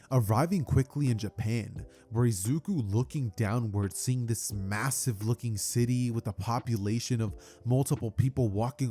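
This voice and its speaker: A man's voice: mid-range voice, mellow. A man hosting his channel, telling a what-if fan story in a casual, rambling way full of fillers. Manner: chatty, many fillers like "like" and "kinda".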